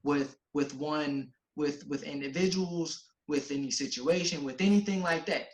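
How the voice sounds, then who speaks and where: Reflective podcast guy, kinda high voice, echoey room. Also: moderate pace. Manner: earnest, reflective, starts and restarts. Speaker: podcast co-host. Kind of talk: casual podcast chat.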